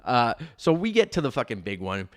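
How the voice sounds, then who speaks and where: A man hosts a casual podcast and tells a long story, swearing freely and rambling from one aside to the next. His voice sits at an ordinary middle pitch, and he talks in an easygoing, unscripted way. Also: sing-song, brisk. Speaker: podcast host. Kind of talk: casual chat.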